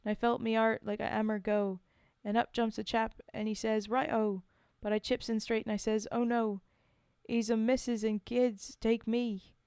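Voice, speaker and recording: A woman voicing a plucky Cockney wartime woman in a dramatic poetry reading, with a rough put-on accent. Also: on the high side, flat delivery, normal speed, a little mellow, dry recording, studio quality, natural voice. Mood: storytelling. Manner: rough, self-admittedly shaky accent in a sing-song reading.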